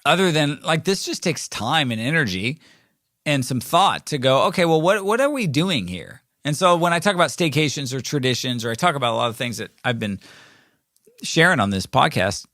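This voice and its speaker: A man in his forties talks through a casual solo podcast at a medium pitch. He rambles playfully, full of fillers and restarts, close to the mic in a dry, dead sound. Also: animated, a little fast, pushed and bright, dry recording. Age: 40s. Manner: rambling and playful, with frequent fillers and self-corrections. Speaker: podcast host.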